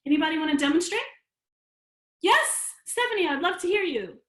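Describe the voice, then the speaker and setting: A woman's voice: very high voice, lively intonation, brisk, noisy background. A woman soprano teaching an online singing and exercise class, coaching her students by name and cheering them on. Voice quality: trained soprano. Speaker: voice and fitness instructor. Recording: roomy sound with loud music.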